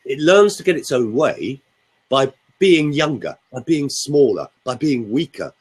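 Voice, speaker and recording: Animated older voice coach. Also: male voice, medium pitch, slow pace, slightly rough, low-quality recording. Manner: theatrical, explanatory, demonstrates with his own voice. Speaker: voice coach guest. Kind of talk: radio studio voice coaching demonstration.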